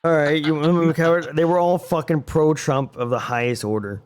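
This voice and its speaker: A man's voice: on the high side, fairly even intonation, brisk. A young man co-hosting a podcast, talking bluntly in casual chat and swearing a lot. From Arizona. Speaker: podcast co-host.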